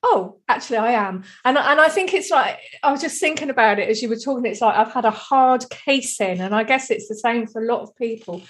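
Woman, higher voice, reflective, rambling, casual spiritual chat. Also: expressive, fairly quick, few pauses. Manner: reflective, rambling, frequent "you know".

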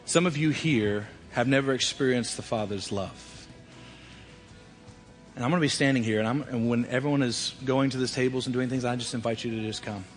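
A middle-aged man preaching a sermon, swinging between emphatic loud passages and quiet ones. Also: medium pitch, fairly quick, faint music behind. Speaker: pastor. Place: church sanctuary.

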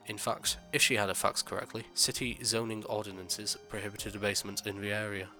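Gravelly male horror storyteller. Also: lowish voice, little pitch movement, pushed and bright, soft background music. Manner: measured, dramatic first-person telling.

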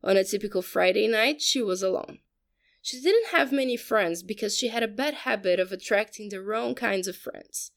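A woman narrating a story in a steady, even audiobook style. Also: medium pitch, moderate pace, creaky.

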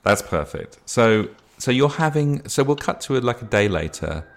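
A man running a tabletop role-playing game as game master, narrating scenes with relaxed hesitations. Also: medium pitch, moderate pace, creaky. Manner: relaxed, hesitant, many fillers.

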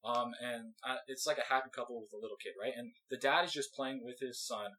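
Young man, podcast host, casual storytelling, rapid pace, bright voice, rambling, laughing. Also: mid-range voice, steady tone, slight background noise, poor audio.

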